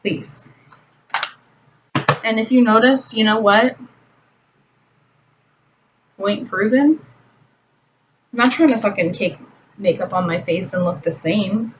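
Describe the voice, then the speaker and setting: A woman's voice: medium pitch, takes it slowly, pauses often. A young woman chatting through a makeup tutorial at home, ranting with casual swearing and lots of fillers. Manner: irritated, profane ranting with many fillers. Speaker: makeup vlogger. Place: home room. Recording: distant, dull lo-fi home recording with faint hiss.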